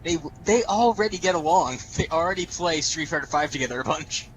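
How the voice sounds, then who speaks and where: A man co-hosts a loose wrestling podcast in a slightly high voice, with a faint hiss behind him. He is jokey and stops to explain things to listeners. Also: lively intonation, brisk, low-quality recording. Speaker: podcast co-host. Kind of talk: casual wrestling chat.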